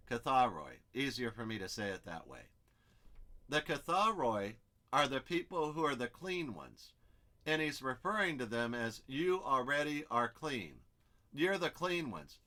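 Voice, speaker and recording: A man's voice: medium pitch, pushed and bright. A man teaching an expository Bible study, explaining step by step and thinking aloud as he works through the text.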